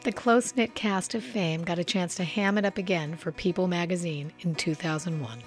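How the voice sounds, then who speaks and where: A woman reading scripted narration for a biography documentary in a measured, even way. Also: on the low side, soft background music.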